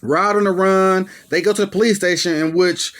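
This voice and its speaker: High-voiced young man recapping a movie. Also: fairly even intonation, moderate pace, fairly bright tone. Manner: loose, slangy, profane, acts out lines. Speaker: movie reviewer. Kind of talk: casual plot recap.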